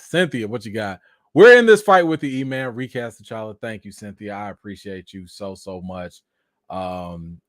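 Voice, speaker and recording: Dude hosting a live chat, bursts way up high when hyped, dry close mic. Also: male voice, no room sound. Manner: animated, jumps high when excited, addresses chat directly. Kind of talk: casual live-stream chat.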